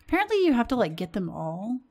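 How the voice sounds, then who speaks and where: An American woman gives relaxed let's-play commentary in an everyday voice. She chats straight at her game characters and jumps into sudden bursts of excitement. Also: a little high, fast talker. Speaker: gaming channel host.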